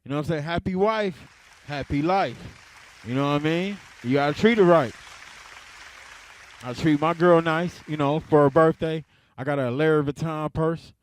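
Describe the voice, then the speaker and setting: A man's voice: fairly high pitch, moderate pace, slight background noise. A young adult man doing a stand-up comedy set, laid-back, chuckling between jokes and drawing out his punchlines.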